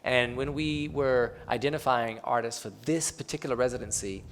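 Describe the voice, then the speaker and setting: A medium-pitched man speaks at a moderate pace, with a little hiss or hum behind him, during a public talk at an arts event. His panel remarks are loose and relaxed, sprinkled with "um" and "kinda."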